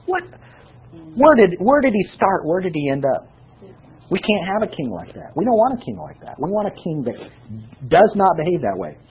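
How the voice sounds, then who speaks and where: Hoarse-voiced preacher man, lively and tinny. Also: sits high. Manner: animated, rhetorical questions to the congregation. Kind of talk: sermon Bible teaching. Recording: tinny phone-like sound.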